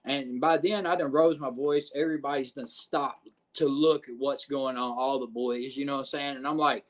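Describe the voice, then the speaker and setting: A man's voice: mid-range voice, normal speed. Profane storytelling man. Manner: profane, animated retelling with quoted voices. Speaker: wrestler telling a backstage story on a podcast. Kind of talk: casual storytelling.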